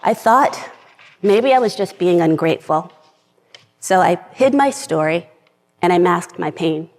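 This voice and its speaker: A woman's voice: lowish voice, expressive, a little slow. A middle-aged woman giving an earnest personal talk from a script to a live audience. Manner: earnest, reads from a script, gets emotional at times. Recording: long reverb of a large hall.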